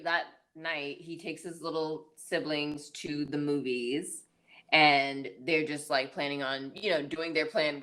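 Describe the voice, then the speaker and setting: A woman with a low voice talks through a movie's plot in a loose, casual podcast recap. She fills her sentences with "like" and "um" and laughs now and then. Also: fairly bright tone. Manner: chatty, full of "like" and "um". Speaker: podcast co-host.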